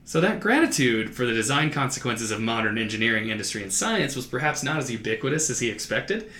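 Bright-voiced man reading notes in an echoey room. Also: mid-range voice, sing-song, quick pace, a little hiss or hum. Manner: reads quotes aloud, laughs easily. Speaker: podcast co-host. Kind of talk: casual chat reading researched notes. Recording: roomy echo, faint background ambience.

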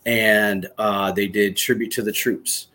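A man in his thirties from Michigan, a former soldier, telling a story as a podcast guest in an animated, excited way, swearing freely. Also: lowish voice, measured pace. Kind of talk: casual storytelling interview.

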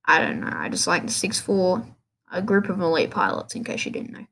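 A woman's voice: on the low side, big pitch swings, a little fast, gravelly, fairly bright tone, slightly rough. A woman hosting a casual solo gaming podcast, rambling and restarting her sentences in an offhand way. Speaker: podcast host.

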